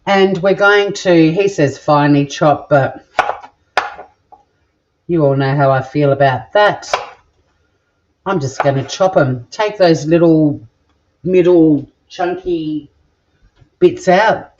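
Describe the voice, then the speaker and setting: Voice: medium pitch, takes it slowly, long pauses, muffled recording, noisy background. A home cook with an Australian accent chatting casually while cooking in a home kitchen, joking crudely and rambling as they go. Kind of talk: casual cooking vlog chat.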